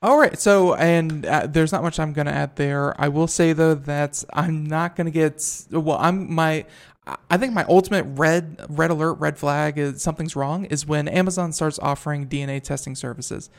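A man hosting a podcast who steers the conversation and tells relaxed anecdotes. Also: fairly high pitch, moderate pace. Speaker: podcast host. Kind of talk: casual podcast chat.

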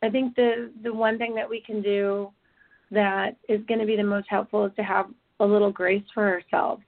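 A woman's voice: mid-range voice, flat delivery, normal speed. A woman hosting a casual chat, speaking earnestly and laughing between her thoughts. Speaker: host. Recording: tinny phone-like line.

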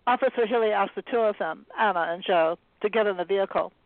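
A woman's voice: mid-range voice, fast, no room sound. Woman reading her novel over a phone line. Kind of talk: reading fiction aloud. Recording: dry tinny phone-like line.

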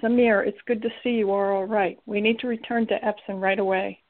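An intense young demon man speaks earnestly and urgently, as a woman reads him. The voice has a gravelly edge. The recording is thin and phone-like. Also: medium pitch, steady tone, a little fast, close to an everyday voice. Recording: tinny lo-fi recording.

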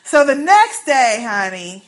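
A woman co-hosting a podcast, recapping a TV episode in casual chat, telling it with lively, animated quotes and free swearing. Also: a little high, takes it slowly. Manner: animated storytelling, acts out quotes, swears freely. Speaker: podcast co-host.

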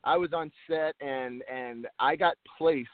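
A man's voice: a little high, measured pace, no echo. A man, an actor being interviewed, talking earnestly and casually, often repeating words as he restarts. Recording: tinny phone-like line, dry.

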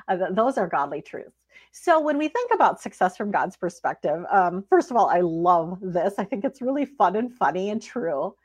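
Woman speaker, devotional teaching; earnest, expressive, mid-pitched, warm laughs. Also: normal speed, breathy edge. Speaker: Christian speaker.

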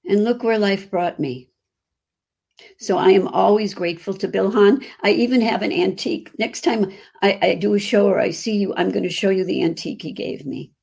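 A woman's voice: medium pitch, moderate pace, gravelly, darkish tone, husky. An older woman with a Chicago accent, chatting effusively as a guest on a video-call interview. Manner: effusive, chatty, restarts often. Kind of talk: casual interview chat.

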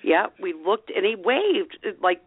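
A woman calling in as a radio guest, telling a quiet story with short agreements, over a tinny phone line. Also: medium pitch, very animated, measured pace, slightly rough, no room sound.

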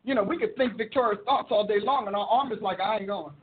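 Husky woman preaching over tinny audio. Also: on the high side, fast talker. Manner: expressive, acts out prayers and quotes, laughs often. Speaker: preacher and show host. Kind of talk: sermon-style teaching.

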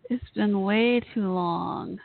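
A woman with a gravelly, medium-pitched voice takes it slowly while hosting a live internet radio chat show. She's gushing, emotional, and rambling, heard through a dry, tinny, phone-like recording with no echo.

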